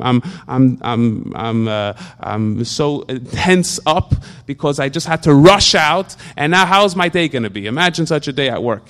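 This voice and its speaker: A man with a high voice gives a casual religious talk. He trips over the same word several times, then pushes on with lively rhetorical questions. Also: clean tone. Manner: repetitive stammering restarts, animated rhetorical questions. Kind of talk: informal Torah talk.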